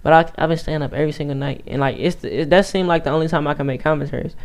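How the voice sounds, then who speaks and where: A man's voice: on the high side, rapid-fire. Rambling, stuttering man gaming. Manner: rambling, stuttering, restarts sentences. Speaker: YouTube gamer. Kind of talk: casual gameplay commentary.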